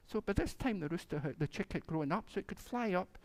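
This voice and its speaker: A minister tells a children's story in a church service, his voice rising and falling a great deal. He sits slightly high in pitch for a man and plays up the animals' lines with relish. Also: expressive, fast talker.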